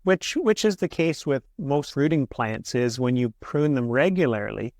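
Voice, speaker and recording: A man explaining gardening as an interview guest, patient and steady, with small restarts as he talks. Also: medium pitch, measured pace, no echo, studio quality. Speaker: horticulturist guest. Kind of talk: casual interview answers.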